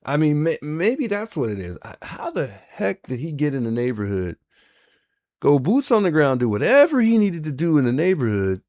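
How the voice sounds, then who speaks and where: Man, livestream reaction host, lively pitch, keeps repeating his disbelief. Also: normal speed, no room sound. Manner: animated, repeats himself in disbelief. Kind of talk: casual reaction commentary.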